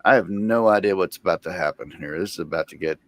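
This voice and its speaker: A man chatting casually on a live stream, rambling and swearing with sudden loud outbursts. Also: sits low, fast, no echo.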